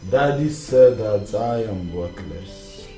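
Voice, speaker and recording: A man's voice: on the low side, slow pace, faint music behind. An actor with a Nigerian accent playing a despairing young man who keeps repeating his anguish. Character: despairing young man, the family's second son. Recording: loud film score behind.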